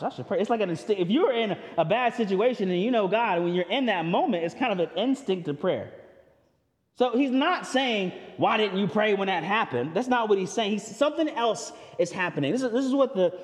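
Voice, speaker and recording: Animated male preacher in a reverberant hall. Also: high-pitched. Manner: casual, conversational preaching with slang; animated, swings from loud to quiet. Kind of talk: sermon.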